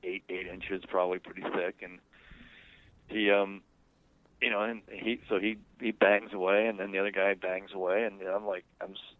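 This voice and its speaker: A man's voice: deep voice, little pitch movement, normal speed, no room sound. A man telling a personal story to an interviewer in a rambling, conversational way, heard over a phone line. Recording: dry, tinny phone line.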